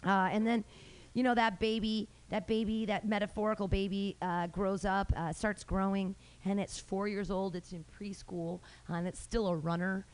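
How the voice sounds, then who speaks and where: A young woman doing stand-up as host of a small live comedy night. She talks in a loose, rambling, brash way, mocking herself, with lots of fillers and restarts, at a middling pitch for a woman. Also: fairly even intonation, normal speed.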